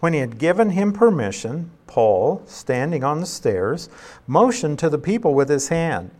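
A man's voice: fairly high pitch, big pitch swings, normal speed, darkish tone. Man teaching scripture verse by verse. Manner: conversational, explains and reads scripture aloud. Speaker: pastor.

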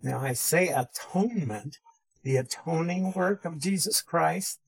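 Speaking slowly and deliberately, a man teaching the Bible lectures on theology, defining terms with care and repeating key phrases. His voice is husky, a little breathy and a little high, captured on a rough recording.

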